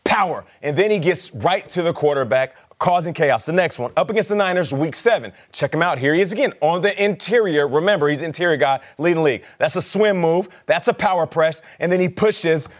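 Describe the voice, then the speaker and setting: A man co-hosting a morning football show, playfully building jokes before narrating game film with excitement. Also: a little high, fairly quick, hardly any pauses. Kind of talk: animated sports segment breakdown.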